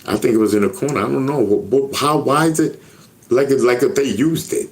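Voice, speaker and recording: A man's voice: mid-range voice, a little fast, a little mellow. A man telling a personal story in a casual interview, earnest and repetitive, often checking in with "you know what I mean?". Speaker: interview guest.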